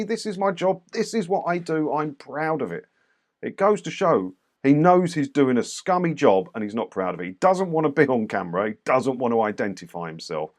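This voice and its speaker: A man casually commenting on doorstep clips for his channel, blunt and mocking. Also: on the high side. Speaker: YouTube commentator reviewing clips.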